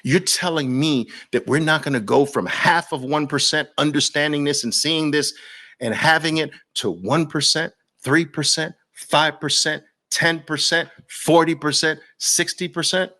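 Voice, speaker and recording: A man from Brooklyn with a New York accent speaks straight to his viewers in a fervent, preachy monologue. His voice sits somewhat high, and he drives his point home through repeated rhetorical questions and long lists. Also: measured pace, bright, forceful tone. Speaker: host.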